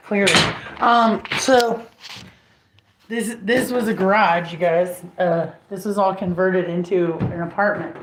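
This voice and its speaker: A woman's voice: on the low side, a little hiss or hum. A woman in her forties, a bartender, chatting casually on a live stream from her home kitchen, rambling and swearing with lots of "like". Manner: rambling, profane, full of "like". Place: home kitchen and house, indoors.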